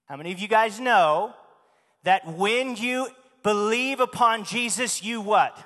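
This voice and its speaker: A man's voice: high-pitched, measured pace, bright, forceful tone. A man preaching a sermon in a church, speaking emphatically and asking the congregation questions. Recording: long hall reverb.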